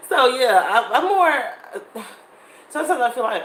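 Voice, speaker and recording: A woman's voice: on the high side, unhurried, a little hiss or hum. Chatty woman in her thirties, echoey room. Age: 30s. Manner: animated, laughing often, talks to her audience. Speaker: vlogger. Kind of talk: casual chat to viewers. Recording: echoey room with faint ambience.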